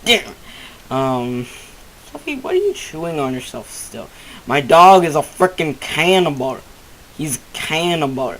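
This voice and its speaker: A man giving casual let's-play commentary from home, excitable, rambling and easily startled. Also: fairly high pitch, a little slow, slight background noise, low-quality recording. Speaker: gamer.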